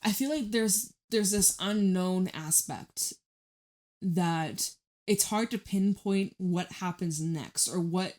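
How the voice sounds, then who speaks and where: A woman's voice: mid-range voice, takes it slowly, a little mellow. A woman giving a casual tarot reading, chatty and emphatic, who swears freely. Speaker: tarot reader.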